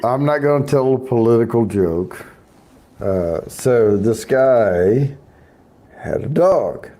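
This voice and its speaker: A man's voice: medium pitch, animated, slow, mellow. A man hosting a casual chat, rambling through a long hunting joke with restarts. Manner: rambling, stumbles over the punchline. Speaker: host.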